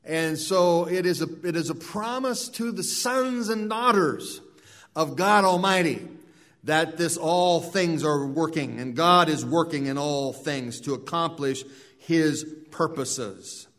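A man's voice: a little high, takes it slowly, a bit bright. A man preaching a sermon in an earnest way, often repeating words and restarting phrases. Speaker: pastor.

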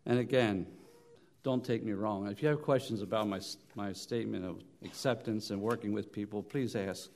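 A man's voice: lowish voice, a little hiss or hum. Preacher man telling stories in a sermon. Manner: storytelling, rising loud on emphasis and dropping soft; halting restarts and repeated words. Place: church.

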